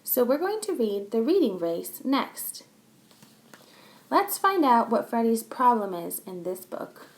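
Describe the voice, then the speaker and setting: A woman teacher reading a children's book aloud with expressive, clear storytelling. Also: a little high, a little slow.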